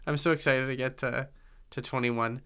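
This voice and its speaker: A man's voice: mid-range voice, fairly even intonation, normal speed, a bit bright, clean tone. A man hosting a casual conversation, rambling with enthusiasm and joking playfully. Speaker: podcast host.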